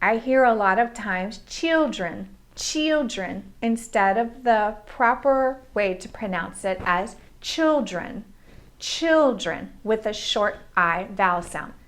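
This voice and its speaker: An American woman teaching English pronunciation, slowly modeling and repeating example words. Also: medium pitch, a bit bright. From United States.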